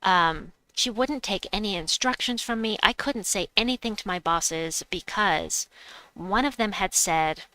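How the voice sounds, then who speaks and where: A woman's voice: medium pitch, unhurried, sharp tone, no echo, poor audio. A woman streaming a game, telling a personal story in casual chat and reading viewer messages aloud.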